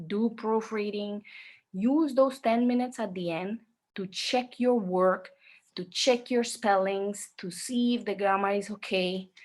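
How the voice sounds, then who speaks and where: A woman with a mid-range voice leads an online exam-prep lesson. She speaks slowly and repeats key points. She keeps checking in with her students by asking "okay?". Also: mid-range voice. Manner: slow, repetitive, checks in with "okay?". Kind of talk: online class lecture.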